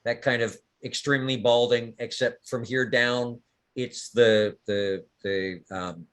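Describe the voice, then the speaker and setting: A man's voice: medium pitch, fairly even intonation, slow pace, a bit bright. A man narrating as game master of a tabletop game in a casual, rambling way.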